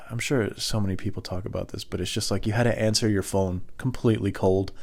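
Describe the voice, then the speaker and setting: A man telling rambling comic stories in a casual monologue, often slipping into high voices for the people in them. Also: steady tone, a little fast, gravelly, darkish tone. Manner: rambling, acts out high-voiced phone characters.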